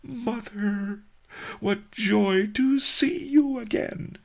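A shrill, sobbing bald swindler. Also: male voice, fairly even intonation, slow pace, exaggerated voice. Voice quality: shrill screeching cry.

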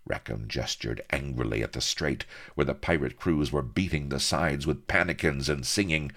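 Deep, gravelly male storyteller. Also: moderate pace, few pauses. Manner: expressive storytelling. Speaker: audiobook narrator. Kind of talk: scripted narration.

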